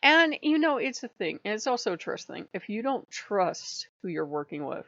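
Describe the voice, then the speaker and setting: A woman's voice: medium pitch, big pitch swings, normal speed, fairly bright tone, no echo. A woman hosting her own channel, telling a long casual story in a rambling way and laughing often between lines. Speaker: channel host. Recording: dull lo-fi dry recording.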